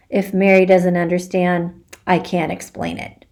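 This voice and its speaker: A teacher reading a children's chapter book aloud in an expressive storytelling manner. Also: female voice, fairly low pitch, a little slow.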